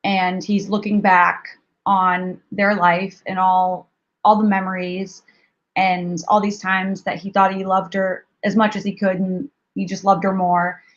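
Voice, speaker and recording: A woman singer-songwriter speaks as a radio guest. She is soft-spoken and thoughtful, and her voice comes through a little dull and lo-fi. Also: medium pitch, little pitch movement, measured pace. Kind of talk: casual interview.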